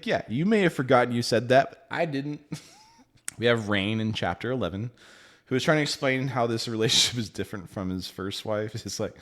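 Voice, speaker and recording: A man casually reviewing a book, animated and laughing often, with the odd swear word. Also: mid-range voice, brisk.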